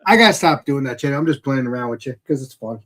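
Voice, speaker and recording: A man's voice: medium pitch, animated, fast, a bit bright. A man hosting a casual podcast chat, teasing his friends in a playful way and sometimes slipping into a jokey put-on accent. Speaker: podcast host.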